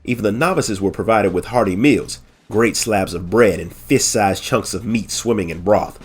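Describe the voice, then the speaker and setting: A man with a nasal, congested voice from allergies, narrating a game lore story in measured audiobook style and hosting his channel. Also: lowish voice, breathy edge. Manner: measured, friendly sign-offs.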